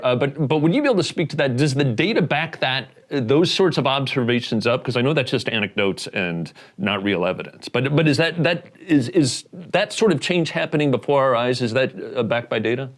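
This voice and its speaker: A man hosting a casual comedic interview, rambling and halting through his questions with many restarts. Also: medium pitch, expressive. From Indiana. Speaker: host.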